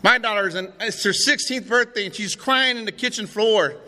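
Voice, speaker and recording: His voice sits high with a sharp tone and moves at a normal speed as this middle-aged man recounts his own story to a recovery meeting. He speaks in a raw, profane, streetwise way. The setting is a reverberant meeting hall with faint room noise.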